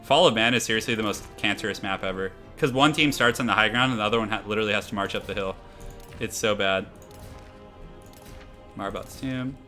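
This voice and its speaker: A man's voice: fairly low pitch, brisk, pushed and bright, faint music behind. Laid-back young male game streamer. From half Irish heritage. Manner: laid-back, rambling, lots of fillers. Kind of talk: casual live-stream commentary.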